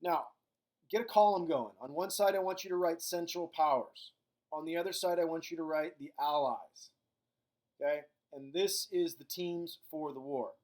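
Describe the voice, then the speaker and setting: A man's voice: on the high side, darkish tone. A middle-aged man giving a recorded history lecture in a casual, joking way. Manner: casual, acts out countries in quick silly voices. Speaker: history teacher.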